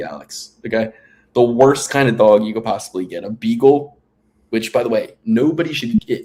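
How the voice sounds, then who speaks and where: A man's voice: mid-range voice, darkish tone. A man co-hosting a casual podcast chat, telling long rambling stories with fillers and restarts. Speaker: podcast co-host.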